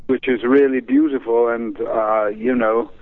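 A man from England talks on a radio interview, rambling along with many pauses and restarts. He comes through a narrow, tinny phone line. His pitch sits in an ordinary middle range. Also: steady tone. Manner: rambling, hesitant, warm storyteller. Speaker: guest performer.

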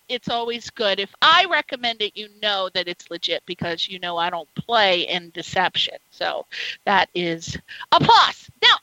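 Bubbly high-voiced woman host. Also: no room sound, lo-fi sound. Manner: animated and bubbly, laughs often. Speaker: show host. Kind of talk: casual chatty interview.

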